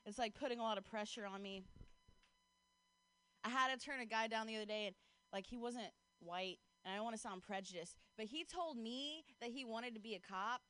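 A woman comedian does a casual stand-up set with crowd work on an outdoor street corner, leaning on "like" and laughing at her own jokes. Her voice is on the high side, a little fast, bright, and forceful, with no echo.

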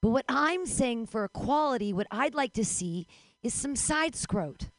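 A woman hosting a comedy show and doing a stand-up bit, quick and conversational as she builds an absurd joke. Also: a little high, lively intonation, no echo. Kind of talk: stand-up set.

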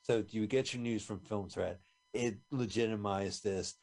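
A man's voice: lowish voice, fairly even intonation, moderate pace, a little mellow. A man co-hosting a radio talk show, chatting casually and reminiscing with frequent restarts. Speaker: podcast co-host. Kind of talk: casual chat watching a film.

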